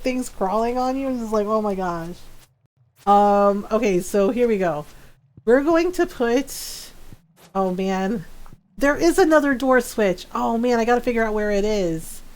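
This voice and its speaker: A young woman live-streaming a game, telling stories in casual chat, laughing often and acting out what people said. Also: on the high side. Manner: chatty storyteller, laughs often, acts out quotes.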